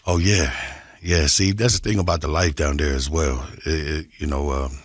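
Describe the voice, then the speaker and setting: Deep gravelly-voiced man from Compton, easygoing interview guest, dry studio sound. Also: steady tone, normal speed, no room sound. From Compton, California. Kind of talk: casual interview talk.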